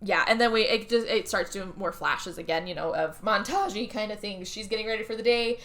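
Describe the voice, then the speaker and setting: A woman chats casually on a podcast, recapping a film's plot. She acts out the characters' lines as she goes, and her voice stays bright and forward. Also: mid-range voice, brisk. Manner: animated retelling, acting out characters' lines. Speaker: podcast co-host recapping a movie. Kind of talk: casual chat.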